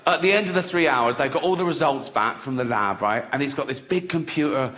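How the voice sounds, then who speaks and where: A man's voice: medium pitch, a little fast, a bit bright, roomy sound. A man, performing a crude stand-up routine and laughing through his own punchlines. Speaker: stand-up comedian.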